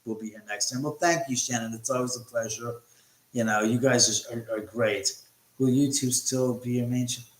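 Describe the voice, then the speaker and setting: A middle-aged man hosts a casual livestream from his house, chatting and joking with viewers and cursing freely as he reads their comments. His mid-range voice is steady and moderately paced, picked up by a phone mic in an echoey room.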